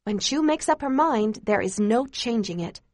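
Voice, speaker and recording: A woman's voice: fairly high pitch, lively intonation, moderate pace, dry recording. Earnest woman narrating a memoir. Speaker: audiobook narrator. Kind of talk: scripted first-person memoir narration.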